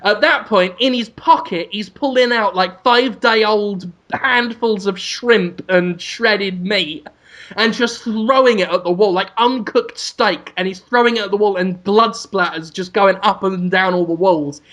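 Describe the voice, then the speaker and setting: A man hosting a podcast, rambling through an absurd comic pitch with amused energy. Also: measured pace, fairly bright tone. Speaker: podcast host. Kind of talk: comedic storytelling.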